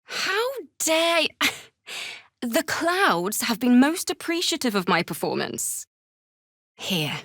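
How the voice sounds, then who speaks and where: A woman's voice: high-pitched, very animated, slow, long pauses, fairly bright tone, dry recording, clean studio sound, heavily acted. A woman voicing a young bard in a video game, earnest and grieving, who swings from shy apologies to sudden anger. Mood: wistful. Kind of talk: video game character dialogue.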